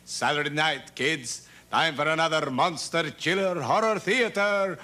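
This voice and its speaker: An actor playing a hammy male vampire horror show host with a drawn-out spooky delivery. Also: a little high, pushed and bright.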